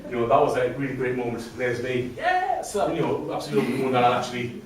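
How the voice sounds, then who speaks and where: A man's voice: medium pitch, level tone, very fast, a little hiss or hum. A man telling his own story to a live audience, chatty and self-deprecating. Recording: very echoey room from a distant mic, faint ambience.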